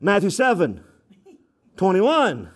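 A man with a high-pitched voice preaches a sermon. His delivery is emphatic and dramatic, and he acts out the voices of the people he quotes. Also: huge pitch swings, takes it slowly. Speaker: pastor.

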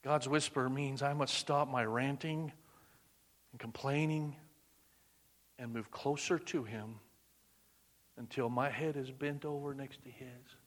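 A man preaching a sermon, swinging between loud emphatic bursts and hushed, near-whispered lines. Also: medium pitch, fairly even intonation, takes it slowly, long pauses.

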